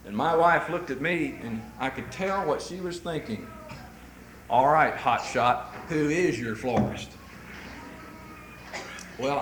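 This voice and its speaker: Animated high-voiced man preaching a sermon. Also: roomy sound, slight background noise, rough recording. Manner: folksy, animated storytelling.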